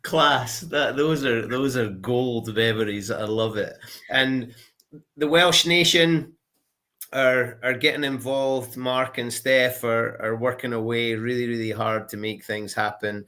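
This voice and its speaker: A man's voice: mid-range voice, fairly even intonation, slow, sharp tone. A man hosting a live chat, reacting with enthusiasm and encouraging his guest. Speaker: host.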